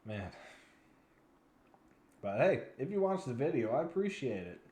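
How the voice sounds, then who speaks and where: Weary slow-talking young man vlogger. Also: medium pitch, very animated, mellow, reverberant. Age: 20s. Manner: weary, yawning, frustrated. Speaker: news vlogger. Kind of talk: casual rambling commentary.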